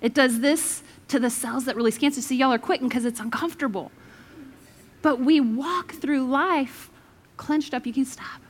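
A woman pastor giving a lively, joking sermon with dramatic pauses. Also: high voice.

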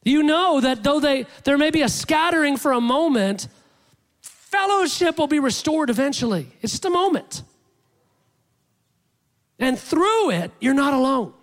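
A man preaching a sermon in a lively, animated way, acting out quotes with rising pitch. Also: a little slow, pauses often. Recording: long hall reverb.

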